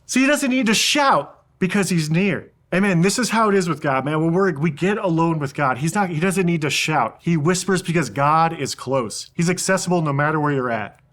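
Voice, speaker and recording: A young man gives a youth sermon in a relaxed, conversational way, leaning on "man" and "um" as he goes. His voice sits a little on the high side for a man. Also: moderate pace, few pauses. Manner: casual, peppered with "man". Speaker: youth pastor.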